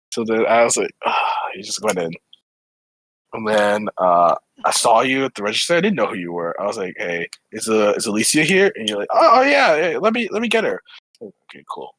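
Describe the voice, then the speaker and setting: Young male co-host, husky, animated storyteller with a wide-ranging voice. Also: lowish voice, poor audio. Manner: animated storytelling, acts out quoted friends. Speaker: podcast co-host. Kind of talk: casual group chat.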